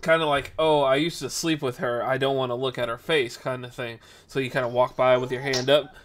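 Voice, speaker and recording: A man hosting a podcast, telling a rambling story in a casual, animated way, correcting himself as he goes and acting out the people in it. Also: a little fast. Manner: animated, acts out the people in his story with jumps in pitch and volume. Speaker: podcast host.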